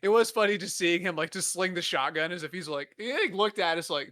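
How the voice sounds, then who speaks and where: A man's voice: a little high, a little fast, pushed and bright, dry recording, clean studio sound. A man in his twenties hosting a podcast, telling rambling, profane, self-deprecating stories in a casual comedic way. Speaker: podcast host.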